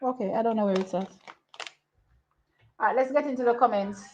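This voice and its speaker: Excitable woman calling a race live. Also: a little high, a little fast, a little hiss or hum. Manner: excitable, thinks aloud, repeats herself. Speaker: track and field watch-along host. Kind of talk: casual live race commentary. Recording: slightly muffled lo-fi audio.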